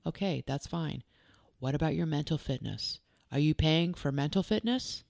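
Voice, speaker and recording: A woman's voice: low voice, normal speed, gravelly, darkish tone, dry recording, studio quality. A woman who works as a life coach and hosts a podcast. She talks earnestly and directly, firing off strings of probing questions and repeating key phrases for emphasis.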